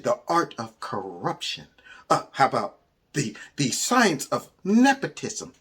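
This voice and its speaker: A man hosting his own show, giving casual, mocking commentary on memes with frequent laughs and sudden high exclamations. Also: wildly swooping pitch, unhurried, a bit bright, breathy edge. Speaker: host of a commentary channel.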